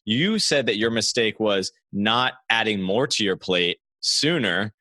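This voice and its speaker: A man's voice: on the low side, animated, measured pace, sharp tone, dry recording. A man hosting a podcast, asking earnest, encouraging interview questions. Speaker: podcast host.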